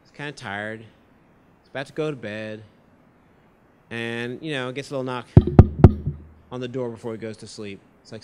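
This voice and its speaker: A man's voice: medium pitch, brisk, long pauses, slight background noise. A man giving a storytelling campaign speech at a university event, acting out quotes as he goes. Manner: lively anecdotal storytelling with acted-out quotes. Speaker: political candidate giving a campus talk. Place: university lecture hall event.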